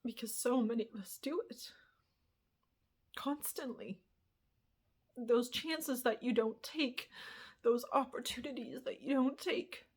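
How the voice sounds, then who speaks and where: A woman's voice: fairly high pitch, slow, pauses often, breathy edge. Candid woman vlogger, rambling and frank. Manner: candid, rambling, swears casually. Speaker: spiritual vlogger. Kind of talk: candid personal monologue.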